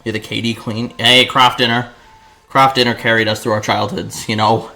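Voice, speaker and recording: Bright-voiced chatty streamer man cooking. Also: mid-range voice, level tone, normal speed, creaky, soft background music. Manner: chatty, profane and playful, talking to chat. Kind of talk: casual cooking livestream chat. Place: home kitchen.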